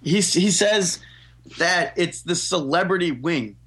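A man's voice: high-pitched, takes it slowly, fairly bright tone. A man co-hosting a casual podcast chat, laying out his opinions in a laid-back way. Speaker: podcast co-host.

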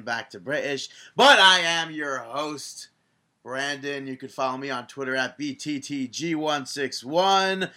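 A man hosting a podcast in casual chat, joking and teasing his co-host with quick banter. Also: medium pitch, pushed and bright.

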